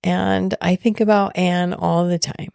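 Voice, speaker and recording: A woman podcast host telling a personal story in a slow, heartfelt, soft-spoken way. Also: on the low side, little pitch movement, vocal fry, clean tone, no room sound, studio quality.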